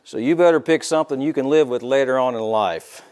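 With a medium-pitched, slightly mellow voice and a fairly quick delivery, a middle-aged pastor gives a down-home, humorous sermon in church. Amens and hallelujahs come up again and again.

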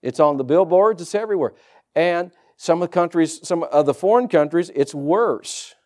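A male pastor preaching a sermon, reading scripture aloud and rising into loud, fervent preaching. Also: on the high side, animated, normal speed.

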